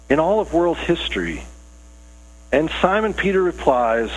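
A man's voice: medium pitch, very animated, measured pace, slight background noise, poor audio. A man preaching a conversational sermon, earnest and casual with rising emphasis. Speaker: pastor.

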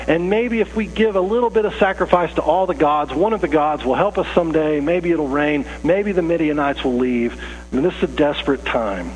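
A man's voice: a little high, a little fast, a little mellow, rough recording. Man, pastor, conversational sermon, restarts sentences, church, faint mains hum. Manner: conversational, self-interrupting, acts out quoted voices. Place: church sanctuary.

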